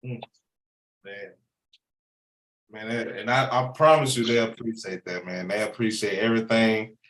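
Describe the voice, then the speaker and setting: A man's voice: lowish voice, fairly even intonation, normal speed, reverberant, low-quality recording. A man hosting a sports interview show, chatting casually and encouraging his guest, often saying "man". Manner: warm, encouraging, repeats "man". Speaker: host.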